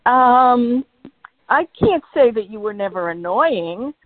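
A woman's voice: fairly high pitch, lively intonation, takes it slowly. A woman with a Massachusetts accent calling in to a show, speaking hesitantly with many restarts. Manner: hesitant, restarts, laughs easily. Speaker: caller. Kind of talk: phone call-in chat. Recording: dry tinny phone line.

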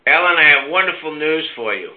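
A man's voice: a little high, lively intonation, a little fast. Casting: older male call-in host, brash and teasing, tinny narrow phone sound. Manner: brash, teasing, coaxing listeners. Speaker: host of a call-in health show. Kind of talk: casual call-in talk.

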